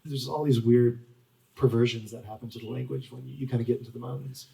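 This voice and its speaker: Man in his forties, author guest at a bookstore talk; mellow, rambling storyteller, mic set back. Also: mid-range voice, steady tone, fast, vocal fry, distant mic, slight background noise, poor audio. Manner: rambling, full of "like" and restarts. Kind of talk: storytelling at a live book talk. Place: bookstore event.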